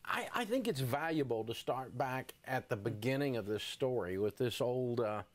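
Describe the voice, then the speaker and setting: A man hosting a television talk show, introducing his guest in a lively, confessional way. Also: medium pitch, normal speed. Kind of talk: television interview.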